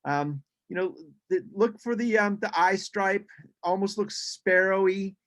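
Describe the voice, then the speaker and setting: A man presents a slideshow on birds over a video call, in an easy, conversational way. His voice sits a touch high, and he often pauses with ums and starts sentences over. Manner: chatty, frequent ums and restarts. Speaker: birding presenter.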